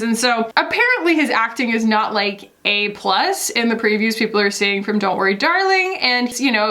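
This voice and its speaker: A woman's voice: fairly high pitch, fairly bright tone. A woman beauty vlogger chatting casually while doing her makeup, gossipy, with lots of fillers.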